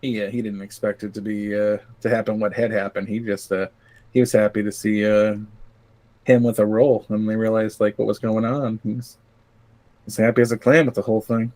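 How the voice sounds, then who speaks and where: A man's voice: fairly low pitch, level tone, a little fast, a little mellow. A man chatting casually on a podcast, rambling with lots of fillers, cracking crude jokes and laughing often. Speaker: podcast co-host. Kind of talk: casual chat.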